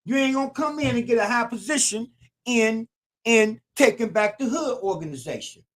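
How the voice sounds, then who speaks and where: A man's voice: extremely high pitch, animated, moderate pace. Older man preaching in AAVE. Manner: preachy, repetitive, emphatic. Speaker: YouTube channel host. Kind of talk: streetwise commentary monologue.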